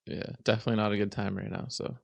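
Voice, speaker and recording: A man co-hosting a podcast, chatting casually with short, relaxed reactions and some swearing. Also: fairly low pitch, very fast, gravelly. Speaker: podcast co-host. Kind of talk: casual chat. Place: podcast studio.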